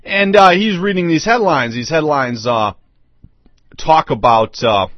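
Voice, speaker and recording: A man's voice: fairly high pitch, lively intonation, measured pace, no room sound. A man hosting an online radio show, delivering a rambling, emphatic monologue that repeats itself. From United States. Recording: dull lo-fi dry audio.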